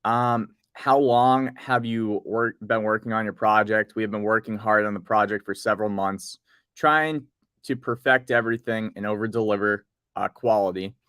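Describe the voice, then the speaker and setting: A man's voice: lowish voice, normal speed, clean tone, dry recording, studio quality. Laid-back man chatting crypto news. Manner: relaxed, rambling, reads project notes aloud. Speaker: podcast co-host. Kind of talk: casual crypto news chat.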